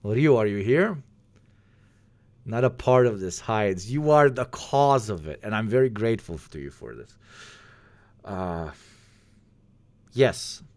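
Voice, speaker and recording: A man hosting a livestream in casual chat, excitable and swearing, pleading loudly with his viewers. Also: lowish voice, slow, pauses often, no echo. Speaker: livestream host.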